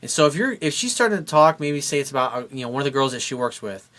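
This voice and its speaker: A man's voice: medium pitch, sing-song, fast talker, a bit bright. A man giving blunt, emphatic relationship advice as a dating coach, speaking straight to his viewers. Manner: blunt, emphatic, acts out both sides of a couple's talk. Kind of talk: direct-to-camera advice monologue.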